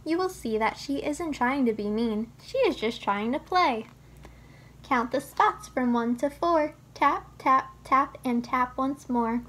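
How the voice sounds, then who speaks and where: Brief: a woman reading a children's book aloud, gentle and instructive, with a bright, high voice. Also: breathy edge. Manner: gentle, teaching tone, speaks to the child listener. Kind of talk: storybook read-aloud.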